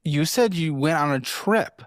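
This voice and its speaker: A man's voice: on the high side, lively intonation, unhurried, dry recording, studio quality. Blunt, exasperated male show host. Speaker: show host giving financial advice. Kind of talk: confrontational interview.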